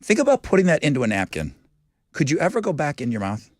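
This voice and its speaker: A man's voice: fairly high pitch, wildly swooping pitch, fast talker, no room sound, clean studio sound. A man hosting a radio show in casual chat, emphatic and arguing his point.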